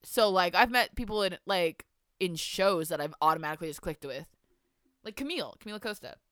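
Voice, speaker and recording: Smooth-voiced young woman reading aloud. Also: lowish voice, fairly quick, dry recording, clean studio sound. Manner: animated, swears often, laughs at herself. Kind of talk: dramatic reading of old fan fiction with banter.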